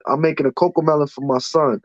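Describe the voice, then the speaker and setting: A man's voice: on the high side, fairly even intonation, quick pace, no echo. A man telling his story in casual chat, blunt, profane and heated. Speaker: podcast guest. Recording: dull, dry lo-fi sound.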